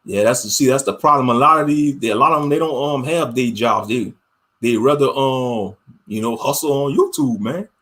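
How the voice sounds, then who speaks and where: A man's voice: mid-range voice, moderate pace, fairly bright tone. A man giving casual religious commentary online, slangy and preachy, often laughing.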